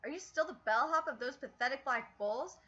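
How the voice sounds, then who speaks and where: A woman's voice: sits high, brisk, pushed and bright, husky, full character voice. A woman reading the lines of a smug, arrogant young male noble in a sneering, condescending way. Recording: lo-fi stream audio.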